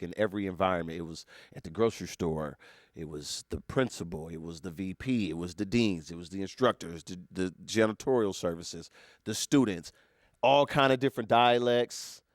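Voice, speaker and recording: A man with a low voice in his middle years, chatting casually on a podcast. He jokes around and drops slang with a teasing, easygoing delivery, and the sound is dry and close with no room around it. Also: dry recording. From Northern California. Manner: playful, joking, animated slang. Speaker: podcast co-host. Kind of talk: casual chat.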